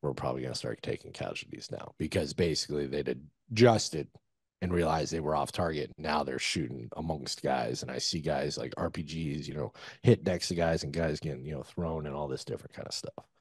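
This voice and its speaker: A man's voice: extremely low pitch, expressive, fairly quick, vocal fry, slightly rough, no room sound, clean studio sound. A man, a former soldier, telling a war story casually in an interview, loose and profane with lots of fillers. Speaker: guest, former Army Ranger.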